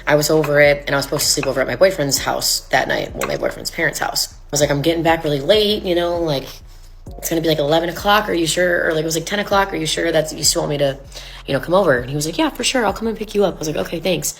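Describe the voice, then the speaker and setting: A woman's voice: low voice, fast, vocal fry. A woman telling a personal story in a chatty way, full of fillers and acted quotes. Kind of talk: storytime video.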